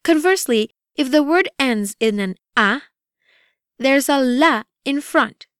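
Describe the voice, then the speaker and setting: A woman reading a scripted language course with a deliberate, evenly paced teaching delivery. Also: high voice, animated, fairly bright tone, clear, resonant tone, dry recording, clean studio sound. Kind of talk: scripted instructional narration.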